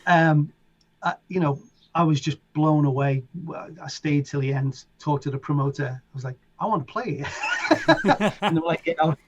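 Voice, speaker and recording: A middle-aged man with a Liverpool accent chats as an interview guest, spinning his stories with lively energy and acting out voices and sounds along the way. His voice sits a touch high and has a husky grain. The recording sounds dull and lo-fi. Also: moderate pace. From England. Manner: animated, acts out voices and sounds in anecdotes. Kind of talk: casual storytelling.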